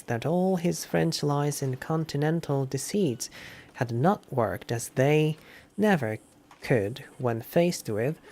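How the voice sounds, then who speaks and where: A man, a Japanese native speaker, streaming a game and slowly reading English lines aloud, repeating words and looking them up. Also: medium pitch, a little mellow.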